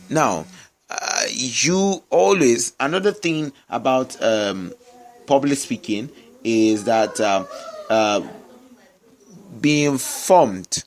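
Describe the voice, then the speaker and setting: A man teaching public speaking in a webinar, repeating his key points and checking in with his listeners often. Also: on the low side. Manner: emphatic, repeats key phrases, frequent "I get me?" check-ins. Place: noisy surroundings with distractions.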